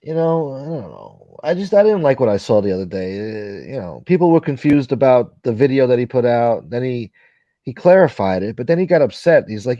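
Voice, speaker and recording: On a dull-sounding, roomless recording, a livestream host with a medium-pitched, dark-toned voice speaks briskly in a sing-song way. He chats bluntly and rambles, cursing freely, imitating people and reading out comments from viewers.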